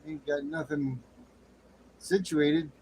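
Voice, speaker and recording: A man hosting a late-night livestream chat in a folksy way, greeting viewers with loud whoops. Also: a little high, steady tone, slow pace, rough recording. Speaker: livestream host. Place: home studio with air conditioner running. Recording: faint air conditioner hum.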